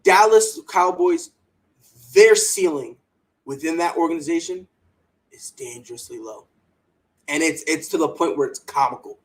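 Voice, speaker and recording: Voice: medium pitch, normal speed, pauses often, poor audio. A sports podcast host giving opinionated takes in a fired-up, emphatic way, often repeating words and mocking others in put-on quoted voices.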